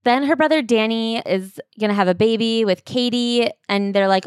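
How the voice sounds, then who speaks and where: A woman's voice: fairly high pitch, moderate pace, smooth, no echo, clean studio sound. A woman co-hosting a casual book-review chat, talking in a loose, chatty way with lots of "like". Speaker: podcast co-host.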